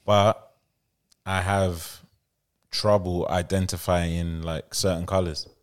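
A man co-hosting a casual podcast chat, talking in a hesitant, halting way. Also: sits low, little pitch movement. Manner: hesitant, soft-spoken, halting. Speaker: podcast co-host.

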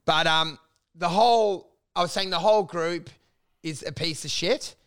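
A young man co-hosting a comedy podcast, telling stories in animated bursts, acting out quotes with big jumps in pitch, laughing often. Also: normal speed, smooth. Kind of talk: casual podcast banter.

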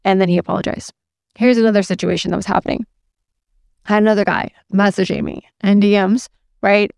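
A woman's voice: mid-range voice, fairly even intonation, fairly quick, creaky, a little mellow, no echo, studio quality. A woman sales coach giving a candid, affirming motivational talk to women, casual and full of fillers.

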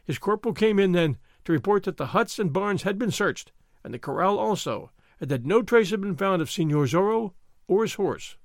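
Brief: male audiobook narrator, high and expressive, very dry close recording. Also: normal speed, no echo.

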